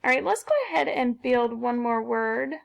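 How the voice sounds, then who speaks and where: A woman's voice: a little high, moderate pace, gravelly. A woman teaching a phonics lesson to young children, patiently sounding out each syllable and blending it into a word.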